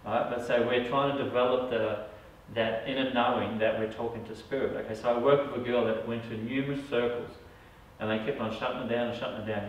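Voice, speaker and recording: A man's voice: medium pitch, steady tone, fast, slight background noise. Man teaching in an echoey room from afar. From Australia. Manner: conversational, keeps asking "all right?". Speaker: psychic medium teaching a group. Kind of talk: casual talk to a small group. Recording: echoey room, mic far off.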